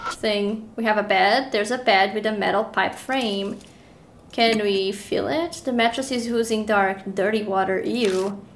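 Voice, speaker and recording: A young woman streaming a horror game, reading the text aloud with animated, giggly reactions between stretches of calm narration. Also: mid-range voice, slight background noise. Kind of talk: reading a horror visual novel aloud while playing.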